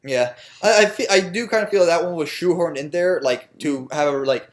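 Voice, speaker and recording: A man's voice: a little high, moderate pace, few pauses. A young adult man co-hosting a podcast, rambling casually and swearing often. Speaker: podcast co-host. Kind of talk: casual chat.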